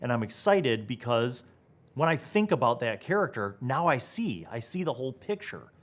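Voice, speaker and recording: A young man hosting a tabletop gaming talk video, thinking aloud with excitement and asking rhetorical questions. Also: mid-range voice, moderate pace. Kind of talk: animated solo talk to camera.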